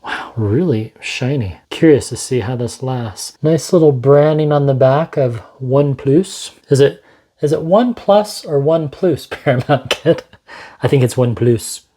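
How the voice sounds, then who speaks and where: An unhurried man talks through a gadget unboxing in his home studio, dropping joking asides and thinking out loud. His voice is mellow and warm, and he takes his time with each thought. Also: medium pitch. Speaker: tech reviewer. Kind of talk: casual unboxing vlog.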